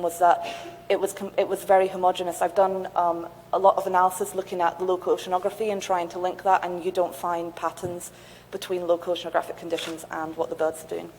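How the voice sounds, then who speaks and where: A woman's voice: on the low side, a little mellow. Woman speaker in a reverberant lecture hall. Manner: apologetic, thoughtful answering. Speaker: conference speaker. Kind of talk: conference talk and Q&A answers. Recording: reverberant hall with faint noise.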